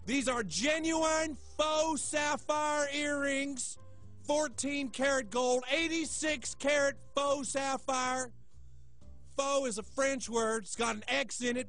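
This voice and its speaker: A man's voice: fairly bright tone, full character voice. A man doing a slick shopping-channel salesman. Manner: exaggerated hard-sell pitch.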